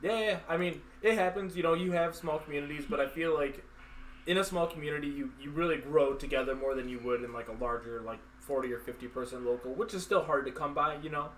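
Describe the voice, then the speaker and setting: A man hosts a casual live-stream chat, his voice sitting a little high. He rambles along loosely with plenty of fillers, and a faint hiss of noise sits under his voice. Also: fast talker, fairly bright tone. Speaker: host.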